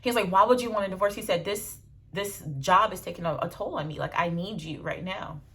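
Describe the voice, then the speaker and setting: A young adult woman, telling stories in a blunt, animated casual vlog with slang and swearing. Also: mid-range voice, a little fast. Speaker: vlogger.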